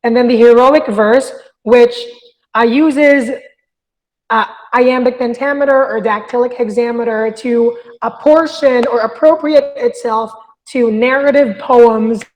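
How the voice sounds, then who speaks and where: In a recorded lecture with long hall reverb, a woman teaches a lesson on literature reviews, explaining step by step and frequently checking in with "okay?". Her voice is on the high side and a little mellow.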